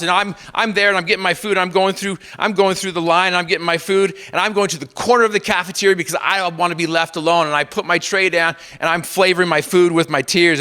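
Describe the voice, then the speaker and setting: A man giving a motivational speech to an audience, telling a personal story with repeated refrains and swinging from loud emphatic bursts to hushed lines. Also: high-pitched. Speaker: motivational speaker.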